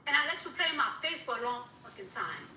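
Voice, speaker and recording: A woman's voice: fairly high pitch, very animated, quick pace, pushed and bright, reverberant, distant mic, slight background noise, poor audio. A woman rapper in an angry, profane rant on social media, repeating herself as she scolds someone.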